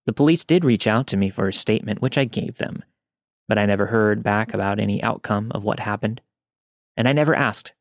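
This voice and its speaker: A man narrating a first-person scary story in a steady, tense read. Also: fairly low pitch, gravelly, no echo, studio quality.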